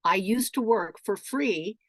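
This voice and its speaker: Woman, middle-aged, animated storyteller, swears freely, dry close sound. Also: mid-range voice, measured pace, no echo. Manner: animated, profane, acts out shouted quotes. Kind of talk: casual storytelling chat.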